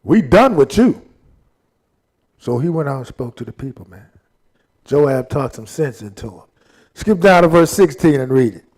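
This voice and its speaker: A man's voice: medium pitch, moderate pace, a little mellow. A man leading a Bible study in a casual, slangy, laid-back way, retelling scripture in everyday talk.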